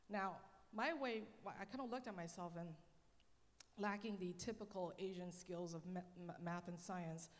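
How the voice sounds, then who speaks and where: Woman, guest speaker at church, chatty and animated, fairly high voice, reverberant hall. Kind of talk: church talk. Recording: long reverb of a large hall.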